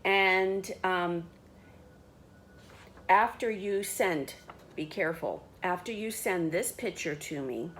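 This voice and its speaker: A woman's voice: fairly low pitch, takes it slowly, long pauses, fairly bright tone, slight background noise. A woman teacher giving patient step-by-step instructions for class work at home.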